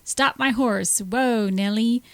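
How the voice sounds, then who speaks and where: A woman co-hosting a radio talk, reading prepared notes smoothly and evenly, with short agreeing replies in between. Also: fairly high pitch, slow pace, no echo. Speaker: radio show co-host.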